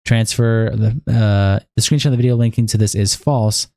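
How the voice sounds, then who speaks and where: A man's voice: fairly low pitch, fairly even intonation, normal speed, warm tone, no echo, clean studio sound. A young man livestreaming, reading a long document aloud in a casual, profane, sleepy way with bursts of hype. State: sleepy, yawning. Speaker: streamer.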